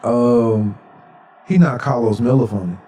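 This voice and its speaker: A man co-hosting a podcast in animated, profane casual chat. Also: medium pitch, a little slow, slight background noise. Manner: animated, profane, acts out voices. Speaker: podcast co-host. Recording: distant from the mic.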